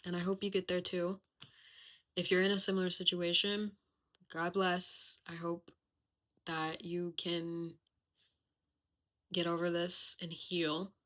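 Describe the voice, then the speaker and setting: A woman's voice: on the low side, little pitch movement, slow, long pauses, a bit bright. A young woman hosting a casual personal podcast, talking candidly and reflectively with lots of chatty fillers. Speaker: podcast host.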